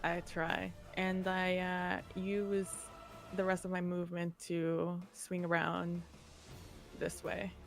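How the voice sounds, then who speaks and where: A woman's voice: fairly low pitch, completely flat delivery, slow, vocal fry, soft background music. A woman playing a tabletop game, describing her character's moves in a matter-of-fact way. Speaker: player.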